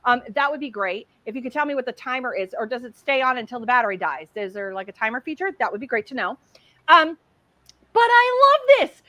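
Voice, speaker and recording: A middle-aged woman hosting a casual craft livestream, chatty and excitable as she demonstrates while talking. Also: fairly high pitch, fast talker, no room sound.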